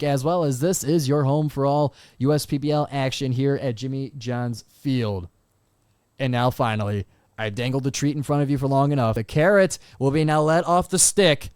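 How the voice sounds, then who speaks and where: A young man hosting a solo sports podcast, recapping games and then ranting in an animated, exasperated way. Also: on the high side, smooth, no echo, clean studio sound. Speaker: podcast host.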